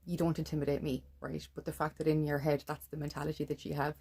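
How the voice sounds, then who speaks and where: An Irish woman with a low voice, ranting straight to camera. She swears freely and drops "right?" all through her story, with a gravelly edge on her voice. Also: little pitch movement, fast talker, hardly any pauses, darkish tone. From Ireland. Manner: blunt, swears freely, keeps adding "right?". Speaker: vlogger.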